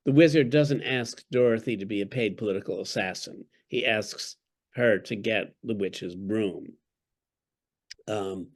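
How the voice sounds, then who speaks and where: A man who is an author and a podcast guest, telling stories in an articulate, wry way during an interview. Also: fairly low pitch. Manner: articulate, wry, storytelling, with chuckles.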